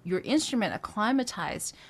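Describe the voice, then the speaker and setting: A woman's voice: mid-range voice, sing-song, normal speed, breathy edge. A woman vocal coach teaching a singing lesson, explaining technique between short demonstrations, with frequent fillers and restarts. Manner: explains technique, then sings short phrases and vocal drills.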